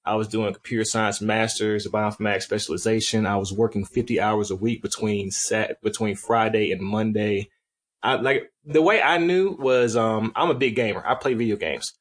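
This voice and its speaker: Husky-voiced man, candid podcast chat. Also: fairly low pitch. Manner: measured, candid, thinks aloud with restarts. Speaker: podcast co-host. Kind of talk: casual chat.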